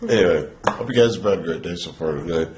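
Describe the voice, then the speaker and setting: A man's voice: low-pitched, fast talker, noisy background. A young man chatting casually in a couple's home vlog, joking around and slipping into silly put-on accents. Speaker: vlogger.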